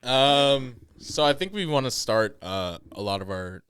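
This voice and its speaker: A man's voice: mid-range voice, animated, measured pace, fairly bright tone, smooth, no room sound. A man hosting a casual podcast, telling a rambling story full of ums and restarts. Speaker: podcast host.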